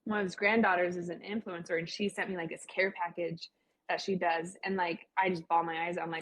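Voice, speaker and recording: A woman's voice: on the low side, level tone, brisk, a bit bright, low-quality recording. A young adult woman speaking as an interview guest in a chatty, heartfelt way, with many "like" fillers. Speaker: guest sharing her cancer story. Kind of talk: casual interview talk.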